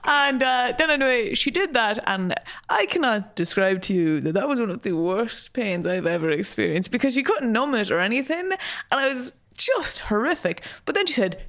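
A woman's voice: on the high side, big pitch swings, normal speed, hardly any pauses, fairly bright tone. A woman co-hosting a podcast, telling a long story in casual chat, laughing often and swearing freely. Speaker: podcast co-host.

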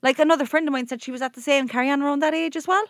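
A young Irish woman co-hosting a podcast, chatting casually and launching into lively, animated anecdotes. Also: high-pitched, no echo, studio quality. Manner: rapid, animated anecdote-telling. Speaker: podcast co-host. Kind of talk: casual chat.

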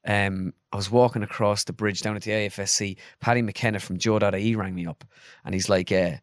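A man's voice: lowish voice, steady tone, fairly quick, no room sound, studio quality. A man in his twenties with an Irish accent, a guest telling rambling stories full of fillers in a casual interview. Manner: rambling anecdotal storytelling with many fillers. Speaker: guest, impressionist.

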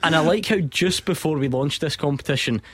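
A man's voice: a little high, fairly quick. A man hosting a sports radio phone-in, chatty and jokey, often breaking into laughter.

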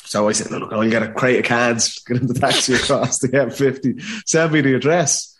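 A man's voice: medium pitch, fairly even intonation, brisk, a bit bright, slight background noise. A man in his thirties with a Dublin Irish accent, telling a casual story as a podcast guest, full of acted quotes and laughter. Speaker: podcast guest, former footballer.

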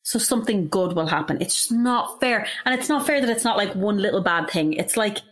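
A woman's voice: mid-range voice, animated, fairly quick. A young woman in casual chat, talking with heated emotion and frequent swearing. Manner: impassioned, emotional, swears freely.

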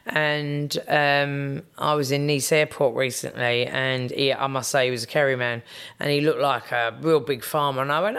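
A woman's voice: rumbling low, level tone, normal speed, fairly bright tone, smooth. A woman, chatting as an interview guest and telling stories with frequent ums and restarts. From London, England. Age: 50s. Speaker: guest, business executive. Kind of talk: casual interview chat.

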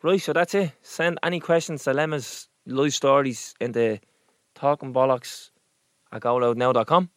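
A young Irish man co-hosting a podcast, trading quick teasing banter. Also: medium pitch, steady tone, fairly bright tone, no room sound, clean studio sound. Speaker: podcast co-host. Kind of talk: casual chat.

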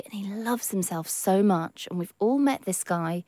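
A young woman, a podcast co-host, telling gossip in an animated way and acting out quotes. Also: medium pitch, normal speed, few pauses, no room sound, clean studio sound. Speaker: news director, podcast co-host. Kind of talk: casual chat.

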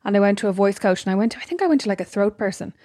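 A woman's voice: mid-range voice, lively intonation, mellow, no room sound, clean studio sound. A young woman co-hosting a podcast, chatting casually and teasing her sister. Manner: quick, teasing, laughs often. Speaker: podcast co-host. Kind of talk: casual chat.

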